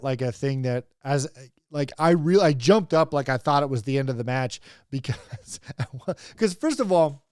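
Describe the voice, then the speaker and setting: A man's voice: on the high side, darkish tone, dry recording. Young guy hosting a wrestling review, rambly and giggly, cusses a lot, dead dry sound. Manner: rambling, chuckling, swears freely. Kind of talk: casual comedic commentary.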